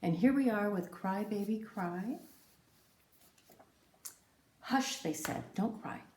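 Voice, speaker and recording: A woman telling her own story in scripted, reflective narration, with a measured, poetic and emphatic delivery. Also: mid-range voice, lively intonation, darkish tone, a little hiss or hum. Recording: roomy echo.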